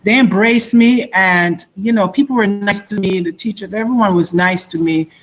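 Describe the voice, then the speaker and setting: Lively Jamaican woman telling stories. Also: medium pitch, normal speed, lo-fi sound. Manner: lively storyteller who acts out other people's voices. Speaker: guest, former basketball player. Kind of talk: radio interview.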